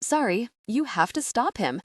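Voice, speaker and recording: A woman's voice: fairly high pitch, very animated, a little slow, no echo, studio quality, voice pushed up. A woman reading the lines of a bossy, bad-tempered businessman in an audiobook, curt and demanding as he barks orders.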